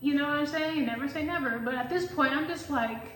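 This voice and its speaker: A woman who reads tarot, telling a story in casual vlog chat, animated and full of filler words and swearing. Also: high voice, fairly quick, roomy sound, distant mic, slight background noise, low-quality recording. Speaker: tarot reader.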